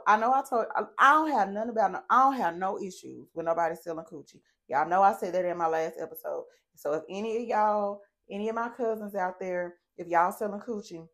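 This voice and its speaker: A woman's voice: medium pitch, a bit bright. A woman hosting a podcast, ranting casually and swearing freely as she talks straight to her listeners. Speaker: podcast host. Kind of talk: casual solo podcast rant.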